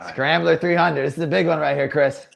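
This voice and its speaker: A man's voice: fairly high pitch, steady tone, a little fast, creaky. A man hosting a comedic quiz game, laughing often and hyping up the contestants. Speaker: quiz show host.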